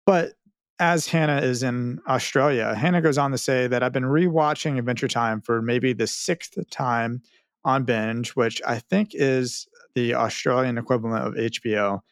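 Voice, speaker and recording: Wry mid-pitched male podcast host. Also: normal speed, dry recording, clean studio sound. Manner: wry, self-mocking, chatty. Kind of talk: casual podcast chat, reading listener mail.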